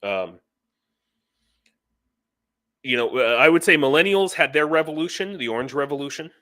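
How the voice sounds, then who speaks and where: A man's voice: a little high, expressive, moderate pace, pushed and bright, dry recording. A man in his forties hosting a casual livestream, rambling and often breaking off to read chat comments aloud. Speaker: livestream host. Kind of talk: casual live-stream chat. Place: home in Ukraine.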